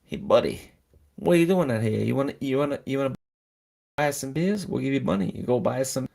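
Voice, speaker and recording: A man voicing a pushy teenage male band bully with a mock tough-guy drawl, in a low, gravelly voice. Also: big pitch swings, fast, a little mellow.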